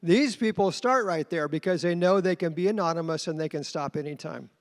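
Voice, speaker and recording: A man's voice: on the high side, fairly quick. A man giving an earnest conference talk about leading a church group, telling his story plainly. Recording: reverberant hall.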